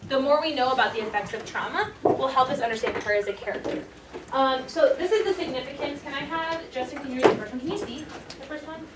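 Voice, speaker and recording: A woman's voice: sits high, quick pace. A woman teaching a class, upbeat and encouraging, playfully hyping the lesson. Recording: echoey room, mic far off, noisy.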